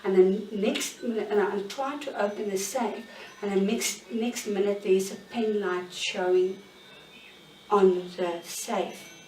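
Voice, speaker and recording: A woman in her sixties giving a candid, halting personal account in an interview at home. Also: medium pitch, steady tone, a little mellow, slight background noise. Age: 60s. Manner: candid, halting, searching for words. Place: bedroom in her own home. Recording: roomy sound, mic at a distance.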